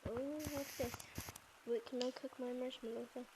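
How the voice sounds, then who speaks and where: A woman's voice: a little high, little pitch movement, moderate pace, background noise. A woman giving casual, rambling gameplay commentary as a channel host, with frequent fillers.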